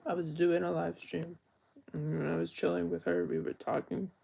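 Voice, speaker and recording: Young male streamer, very gravelly and husky, earnest and rambling in an unscripted live-stream talk. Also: a little high, sing-song, normal speed, darkish tone. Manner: earnest, rambling, self-correcting.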